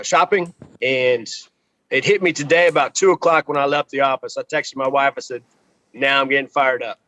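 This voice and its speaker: A man from Texas, guest on a barbecue podcast, chatting in a relaxed way with many pauses, on a video call from outdoors. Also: medium pitch, no room sound, muffled recording. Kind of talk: casual podcast conversation.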